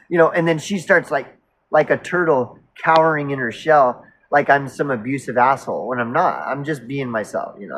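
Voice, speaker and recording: A man's voice: fairly high pitch, moderate pace, fairly bright tone, poor audio. A man telling a personal story in a casual monologue, rambling and self-interrupting, blunt and outspoken. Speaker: storyteller recounting a past relationship.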